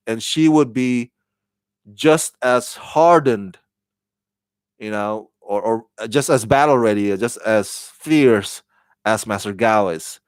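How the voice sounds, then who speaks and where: A man with a medium-pitched voice, recorded dry, reviews a TV show casually. He rambles and repeats words as he thinks out loud.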